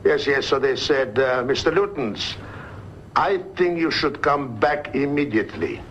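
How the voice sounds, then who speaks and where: A man's voice: mid-range voice, a little slow, fairly bright tone, lightly acted. An actor playing an urgent man calling with news in an old British film. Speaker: caller on the telephone in an old film. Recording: dull old film soundtrack with hiss.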